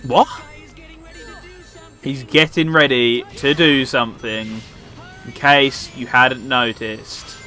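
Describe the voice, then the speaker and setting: A man's voice: medium pitch, steady tone, slow, pauses often, pushed and bright, faint music behind. A man giving casual, joking commentary while playing a video game, chatting to his viewers. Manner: joking and chatty, laughs often.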